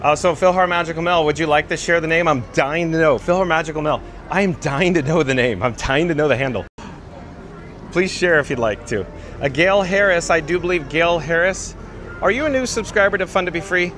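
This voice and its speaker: A man with a fairly high voice hosts a live stream while he walks outdoors, chatting easily and reading viewer comments aloud before answering them. Faint music plays behind him. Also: fairly quick, a bit bright. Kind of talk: live-streamed walking tour with chat reading. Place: outdoors walking through a theme park.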